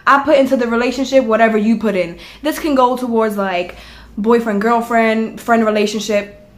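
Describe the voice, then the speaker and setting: Blunt, high-voiced young woman ranting. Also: steady tone, normal speed. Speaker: vlogger. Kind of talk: casual chat.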